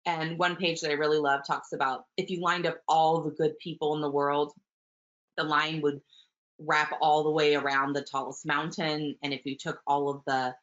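A woman teaching early childhood, talking warmly about picture books and reading them aloud. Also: sits low, flat delivery, normal speed. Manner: warm, gentle, enthusiastic teacher, with soft fillers. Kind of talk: webinar talk with book read-alouds. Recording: muffled webinar audio.

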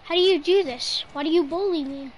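A woman streaming her gameplay, giving excitable live commentary and teasing her teammates in mock outrage. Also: very high voice, brisk, a little hiss or hum, low-quality recording. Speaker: gamer streaming her play.

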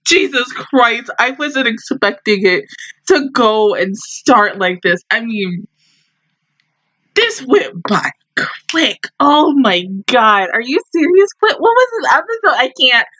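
A woman's voice: a little high, sing-song, slow pace, a bit bright, muffled recording. A young woman reacting to an anime episode in casual commentary, emotional and exclamatory, often swearing and laughing.

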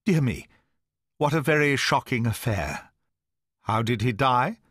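A sly, nervous male naturalist, read by a man in an audiobook, politely probing while hiding his alarm. His pitch swings in a lively way. The sound is dry and close. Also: unhurried, breathy edge, dry recording. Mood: wary. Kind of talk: audiobook dialogue reading.

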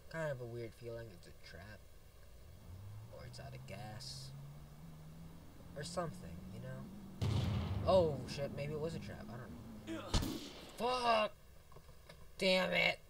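Young guy playing a game and swearing, goofy rambling, slow talker, mic far off and noisy. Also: medium pitch, lively intonation. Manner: goofy, swears a lot, talks to himself in bursts. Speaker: gameplay video host. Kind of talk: solo let's play commentary. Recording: distant mic, loud background noise.

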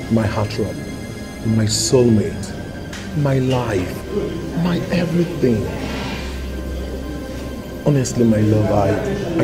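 A man plays a remorseful Nigerian lover, pleading slowly and earnestly. Loud, tense music plays under the scene. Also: mid-range voice, close to an everyday voice. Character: remorseful man begging forgiveness. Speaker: repentant lover. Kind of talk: Nollywood film acting.

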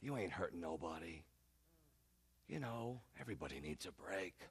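A man doing a low, wheedling devil. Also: animated, moderate pace, slightly rough, full character voice. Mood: coaxing. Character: the devil, a coaxing male tempter spirit.

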